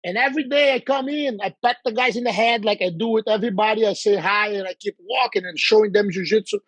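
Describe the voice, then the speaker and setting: A man from Brazil with a Brazilian accent, telling lively anecdotes in casual chat with quoted dialogue. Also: high-pitched, fast talker, no room sound, poor audio.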